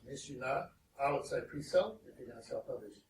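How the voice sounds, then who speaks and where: Animated man in echoey hall. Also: mid-range voice, fast talker. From South Africa. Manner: animated, acts out other people's voices in his anecdotes. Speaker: guest speaker. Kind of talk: humorous storytelling talk. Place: meeting venue with an audience. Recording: roomy echo, distant mic, noisy background.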